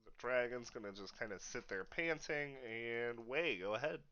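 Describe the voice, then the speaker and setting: A man narrating as game master of a tabletop game in a relaxed, low-key way with fillers. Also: normal speed, clean tone, highs cut off.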